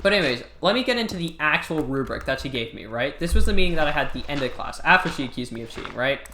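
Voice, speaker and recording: A man's voice: a little high, expressive, rapid-fire, pushed and bright, a little hiss or hum. A teenage boy, a student, ranting in an exasperated, sarcastic way while telling a story over gameplay. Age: teens. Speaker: student gamer. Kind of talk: casual rant over gameplay. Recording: echoey room, faint music.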